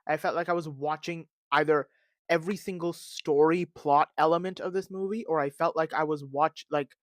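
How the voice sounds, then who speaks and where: A man hosting a podcast, talking in a casual, animated and dramatic rant full of fillers and recorded on a phone. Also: on the high side, no room sound, clean studio sound. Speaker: podcast host. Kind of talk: casual ranting commentary.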